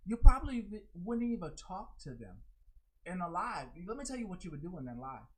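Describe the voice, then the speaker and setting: A woman hosting her own livestream, ranting bluntly and profanely, mocking people in high, loud put-on quotes. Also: very animated, a little fast, poor audio. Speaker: livestream host. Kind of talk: unscripted livestream rant.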